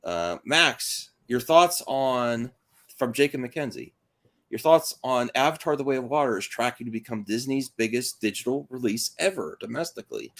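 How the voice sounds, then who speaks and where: A man's voice: medium pitch, moderate pace. A man co-hosting a casual livestream, reading listener questions aloud and joking around. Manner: lively, jokey, reads mail aloud.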